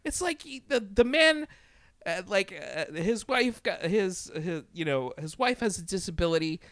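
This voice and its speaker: This Latin American man's delivery is measured in pace, though still loose and animated as he curses his way through a casual podcast conversation, tripping over fillers and restarts. The close-miked, dry recording captures a smooth, clean voice pitched a little high.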